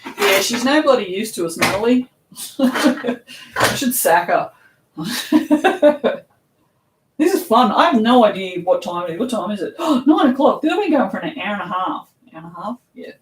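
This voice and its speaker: A woman's voice: medium pitch, expressive, a little slow, recorded from a distance. A chatty Australian woman talks casually as she works, laughing and swearing offhandedly. Her voice sits a bit away from the mic in an echoey room with a faint hiss behind it. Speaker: soap shop owner packing orders. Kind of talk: casual live-stream chat while working.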